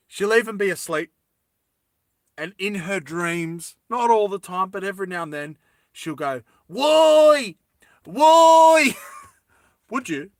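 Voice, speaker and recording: A chatty man who rambles through a comic monologue and keeps laughing at his own ideas as he talks to his audience. His voice is bright and a little raised, and it sounds dry, with no room around it. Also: fairly high pitch, no echo. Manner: chatty, giggling between lines, casual slang. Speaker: vlogger.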